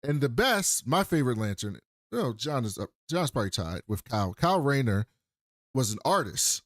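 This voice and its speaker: A man's voice: mid-range voice, normal speed, no room sound. Male co-host, loose and swearing, mid-range voice, dead-dry studio sound. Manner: animated storyteller, swears freely. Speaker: podcast co-host. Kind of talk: casual recap chat.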